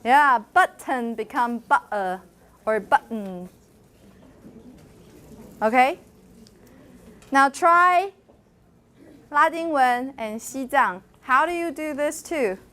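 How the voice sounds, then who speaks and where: Woman, lecturer, unhurried classroom delivery, models pronunciations by repetition. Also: high voice, expressive, sharp tone. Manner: demonstrates sounds by repeating words slowly; switches briefly into Mandarin. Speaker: university phonetics lecturer. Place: lecture hall.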